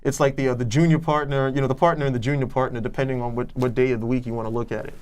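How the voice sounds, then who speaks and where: A man's voice: mid-range voice, level tone, very fast, darkish tone, smooth. A man co-hosting a casual movie review chat, giving long rambling explanations full of restarts. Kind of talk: casual film discussion.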